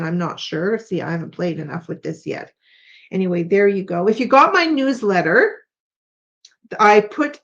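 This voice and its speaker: A middle-aged woman from Canada hosting a casual craft demonstration, chatty and tired, thinking aloud with unsure asides. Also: mid-range voice. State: tired, yawning. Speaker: craft tutorial host. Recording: slightly dull lo-fi sound.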